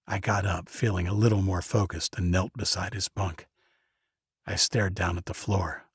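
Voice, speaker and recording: Male audiobook narrator, very low voice, heavy husky grain, dry close sound. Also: steady tone, moderate pace, dry recording. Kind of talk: first-person audiobook narration.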